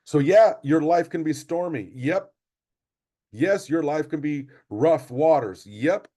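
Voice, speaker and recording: A man's voice: on the high side, lively intonation, takes it slowly, warm tone. A middle-aged man, a basketball coach, giving an emphatic motivational talk to sports parents. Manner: repetitive, emphatic motivational delivery. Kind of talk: parent training presentation.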